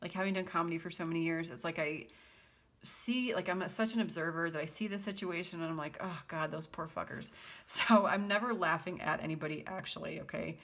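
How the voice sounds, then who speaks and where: A woman's voice: lowish voice, a little fast, fairly bright tone. A woman doing a casual tarot reading for her viewers, chatty and prone to fits of laughter. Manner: giggly, chatty, breaks into laughter often; reads song lyrics aloud in a half-sung lilt. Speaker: tarot reader.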